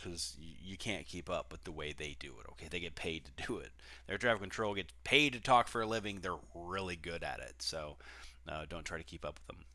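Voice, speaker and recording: A man's voice: low-pitched, bright, forceful tone, no echo. A man teaching a recorded online class as a flight instructor, explaining casually with frequent fillers and restarts.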